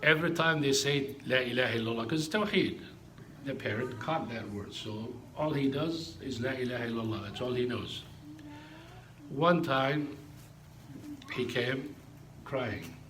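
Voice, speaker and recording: A man's voice: medium pitch, unhurried, pauses often, fairly bright tone, a little hiss or hum. Emphatic man preaching a sermon. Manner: emphatic, storytelling preacher mixing in Arabic phrases. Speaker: imam.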